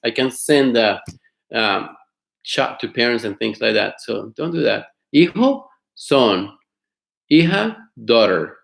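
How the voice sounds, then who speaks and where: A man teaching an online class, explaining words slowly, repeating them and asking his students questions. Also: medium pitch, expressive, vocal fry, echoey room. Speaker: Spanish teacher. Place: home studio.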